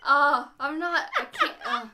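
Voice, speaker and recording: A woman's voice: high-pitched, wildly swooping pitch, a little slow, heavy background noise. A woman co-hosting a casual chat, giggly and often tripping over her words. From Vietnam. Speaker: podcast co-host.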